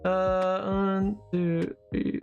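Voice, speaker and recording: A high-voiced man streams a game and chats with his viewers. He rambles with great animation and cuts himself off mid-sentence, while faint music plays underneath. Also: very slow, creaky, dull audio. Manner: animated, rambling, self-interrupting. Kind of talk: casual chat while gaming.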